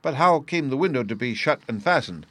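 A man's voice: medium pitch, lively intonation, brisk, a bit bright, husky, no room sound, voice pushed up. A man reading a middle-aged male police inspector who asks questions eagerly and deferentially. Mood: questioning. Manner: eager, exclaiming.

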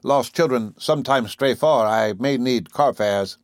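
A man's voice: medium pitch, unhurried, no room sound, clean studio sound, natural voice. A man doing a blustering henpecked major. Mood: wheedling. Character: pompous henpecked old major, stingy.

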